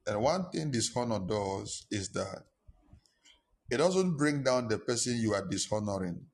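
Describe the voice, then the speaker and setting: A male pastor, preaching a sermon with impassioned repetition and sudden high-pitched emphasis. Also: animated, a little slow.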